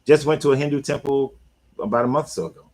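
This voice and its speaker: A man talking casually on his own, an animated coach who repeats himself and talks back to the listener. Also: mid-range voice, quick pace, rough recording. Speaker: life coach. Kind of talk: casual monologue.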